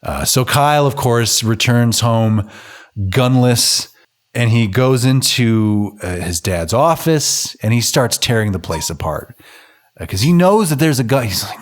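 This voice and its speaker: A man's voice: mid-range voice, lively intonation, measured pace. A man casually recapping an old film on a podcast, joking, swearing and acting out the characters' lines. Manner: loose, profane, acts out characters' lines in quotes. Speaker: podcast co-host.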